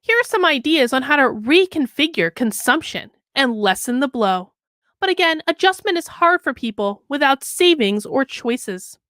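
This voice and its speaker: A woman's voice: high-pitched, lively intonation, moderate pace, a bit bright, dry recording, studio quality. A woman hosting a political commentary show, reading an article aloud with sarcastic, mocking asides and chatty anecdotes.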